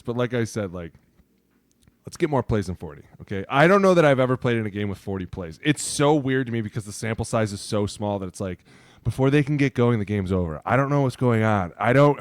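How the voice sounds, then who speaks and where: Animated middle-aged guy, ex-lineman, tells stories and does the voices, says "right?" a lot, dry close mic. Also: mid-range voice, fairly quick, dry recording. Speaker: podcast guest, former NFL offensive lineman. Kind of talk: casual sports chat.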